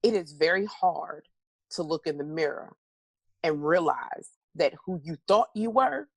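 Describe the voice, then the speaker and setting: Her voice is deep, with vocal fry and a breathy edge, lively in intonation and unhurried. A middle-aged motivational speaker and interview guest, she animatedly recounts stories and performs her own replies in a candid, conversational interview. The recording is dry.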